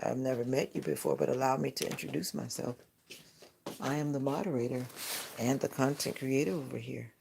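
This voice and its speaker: A man's voice: mid-range voice, fairly even intonation, a little fast, gravelly, noisy background. A man hosting a casual morning live stream from home, rambling and chatty, often correcting himself mid-sentence. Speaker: live stream host and content creator. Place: at home in the morning, near a window with bird feeders.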